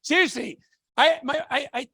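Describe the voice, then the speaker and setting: A middle-aged man from Tonga giving a motivational sales talk, excitable, shouting in bursts and repeating rhetorical questions. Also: very high voice, normal speed. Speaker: business opportunity presenter.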